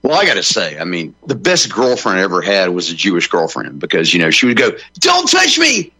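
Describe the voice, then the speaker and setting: Comedian guy riffing on radio, bright kinda husky voice, lots of uhs. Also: sits low, animated, quick pace, no room sound, rough recording. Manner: rambling, joking, many fillers. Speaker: comedian guest.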